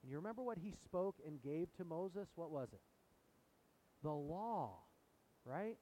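A pastor delivers a lively sermon in a church sanctuary, asking the congregation questions throughout. He speaks at a measured pace in a voice on the high side, on a low-quality recording with slight background noise.

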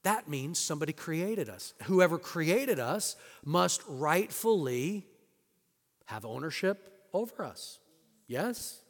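Preaching man with a higher voice. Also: sing-song, slow pace. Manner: conversational preaching with rhetorical questions to the congregation. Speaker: pastor. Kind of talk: sermon. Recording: long hall reverb.

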